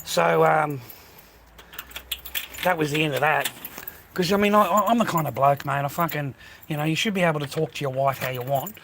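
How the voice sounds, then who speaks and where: A man's voice: on the high side, a little fast, pauses often, fairly bright tone, a little hiss or hum, poor audio. Profane ranting Australian man. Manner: blunt, heavily profane, slangy, lecturing. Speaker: livestream host. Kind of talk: ranting monologue to viewers.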